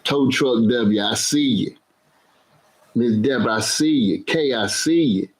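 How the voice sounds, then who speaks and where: A man hosts a live stream for his cooking channel in a loose, conversational way. He talks slowly, greets viewers by name and circles back to the same phrases again and again. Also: mid-range voice, rough recording. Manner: repeats phrases over and over.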